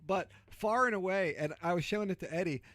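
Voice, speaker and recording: A chatty male host with a slightly high voice rambles through a casual livestream. He cuts himself off and laughs as he goes. The mic sound is dry and close, with no room echo. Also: fast talker, fairly bright tone. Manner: rambling, self-interrupting, laughs easily, swears. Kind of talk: casual chat.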